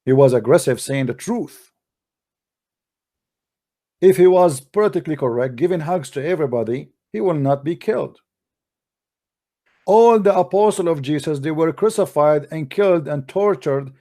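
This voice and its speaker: A man's voice: on the high side, dark tone. A man with an Arabic accent hosting a combative commentary, talking in broken English and scolding his critics. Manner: combative, scolding, non-native grammar. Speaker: host. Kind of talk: polemical commentary.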